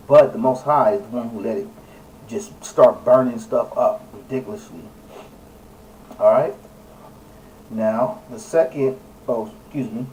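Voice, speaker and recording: A man's voice: mid-range voice, mellow, recorded from a distance, slight background noise, rough recording. A man giving a casual scripture talk, preachy and emphatic, with many fillers and self-corrections as he reads and searches online. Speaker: religious video presenter. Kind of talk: casual scripture teaching while reading aloud and searching online.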